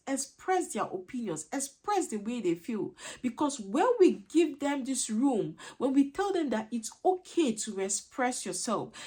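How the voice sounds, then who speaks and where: Lady coaching parents, preachy n repeats herself, kinda husky, voice goes up and down a lot. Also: fairly high pitch, darkish tone. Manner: repetitive, emphatic, preachy. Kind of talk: earnest parenting advice talk.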